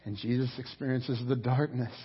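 A man's voice: medium pitch, steady tone, normal speed, breathy edge, lo-fi sound. A man preaching a sermon, passionate and emphatic, often repeating words as his intensity rises and falls. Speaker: pastor.

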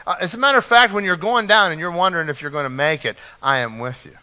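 Male pastor, earnest conversational sermon, slightly high and bright, reverberant church hall. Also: fast talker. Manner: earnest, repeats key phrases, light asides.

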